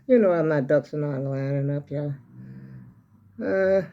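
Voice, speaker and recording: A woman's voice: low voice, a little slow, highs cut off, a little hiss or hum. An older woman vlogging from her home kitchen, chatting in a meandering way straight to her viewers and sounding a little out of breath. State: slightly out of breath. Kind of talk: casual rambling vlog chat.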